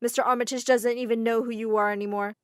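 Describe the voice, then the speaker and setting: A woman putting on a cold, dismissive rich matron from an animated story. The voice is fairly high and flat in tone, recorded close and dry. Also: fast talker, no room sound, lightly acted.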